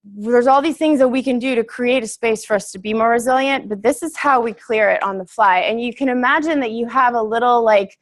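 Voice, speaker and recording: A woman's voice: a little high, fairly quick. A young woman giving a casual, earnest workshop talk to a group, chatty and full of fillers, laughing easily.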